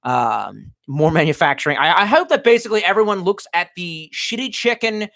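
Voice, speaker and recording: A man from the United States streaming from his basement, reading chat aloud and ranting with profanity, talking to himself and breaking into sudden yells. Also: high-pitched, very animated, fairly quick, creaky, dry recording, clean studio sound. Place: home basement room.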